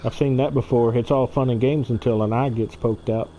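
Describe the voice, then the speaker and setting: Middle-aged male streamer, warm low-key delivery, easy storyteller, muffled lo-fi mic with light noise. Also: fairly even intonation, brisk. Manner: chatty storyteller, laughs often. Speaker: gaming channel host. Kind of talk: casual chat while streaming a farming game. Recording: dull lo-fi stream audio, faint noise.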